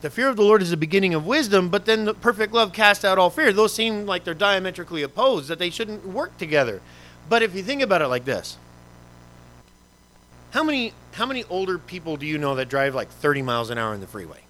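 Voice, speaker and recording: A male pastor delivering a sermon in a casual, conversational way. He is animated and keeps asking the congregation rhetorical questions. His voice sits a little high and sounds bright. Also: brisk, slight background noise, rough recording.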